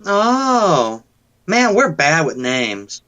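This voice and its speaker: A man's voice: medium pitch, normal speed, fairly bright tone. A man playing a tabletop game in character, asking questions and prodding for details.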